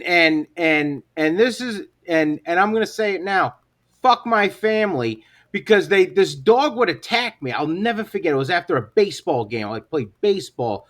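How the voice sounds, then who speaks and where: A man co-hosting a comedy podcast, telling stories in casual chat, swearing a lot and getting loud at the punchlines. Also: on the high side. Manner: animated storyteller, swears a lot, shouts at punchlines. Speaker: podcast co-host.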